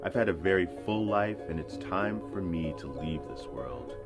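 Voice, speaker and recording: A weary, kindly old eel, once an enchanted king, played by a man. He speaks slowly and softly in a very low voice for an animated folk tale, with music playing underneath. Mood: calm. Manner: slow, soft and kindly.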